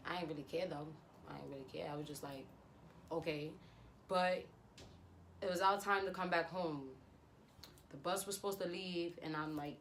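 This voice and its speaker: A woman's voice: on the low side, quick pace, a little hiss or hum. A young woman vlogger chatting animatedly through a storytime, acting out quotes. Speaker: beauty vlogger. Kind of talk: storytime vlog.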